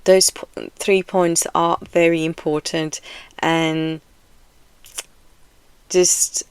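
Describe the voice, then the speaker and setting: A woman talks straight to her viewers in a frank, rambling way, leaning on "you know" and small laughs. Her delivery is slow and unhurried. The recording is dry and close, with no room sound. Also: on the low side, flat delivery, clean tone, no echo. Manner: laughs often between phrases. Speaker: video essay vlogger. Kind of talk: casual direct-to-camera talk.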